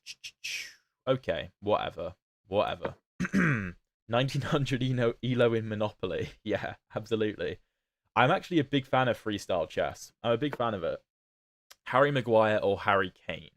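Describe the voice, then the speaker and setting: Here a fairly low-pitched man speaks in clean studio sound with no room noise. He streams chess with a somewhat nonstandard British accent, chatting about his games and answering his chat along the way.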